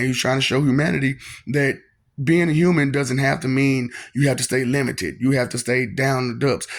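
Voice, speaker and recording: Gravelly husky man, taunting monologue. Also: medium pitch. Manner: taunting, repetitive, laughs often. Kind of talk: freewheeling spoken monologue.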